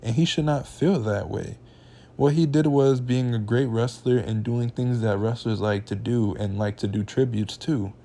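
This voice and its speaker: A young man gives a heated reaction rant, dropping slang as he goes. His voice sits in a mellow, warm register at an ordinary pitch for a man. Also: moderate pace. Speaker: reaction channel host. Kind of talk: casual reaction commentary.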